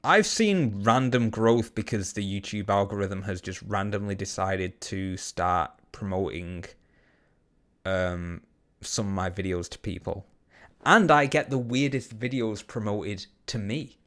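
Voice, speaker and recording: A man's voice: lowish voice, fairly bright tone. Rambling English man chatting on stream. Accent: general English, slightly posh. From Bolton, England. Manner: rambling, quick bursts, swears casually, many ums. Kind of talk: casual live-stream chat reading viewer comments.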